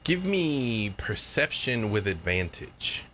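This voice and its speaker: A man narrating a tabletop horror game as game master, measured and descriptive. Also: lowish voice, sing-song, fairly bright tone, a little hiss or hum.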